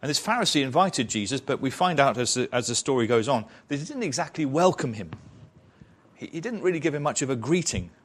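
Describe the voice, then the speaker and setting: A man's voice: mid-range voice, lively intonation, a little fast. A man preaching an expository sermon in church, retelling a story in a conversational way with rhetorical questions.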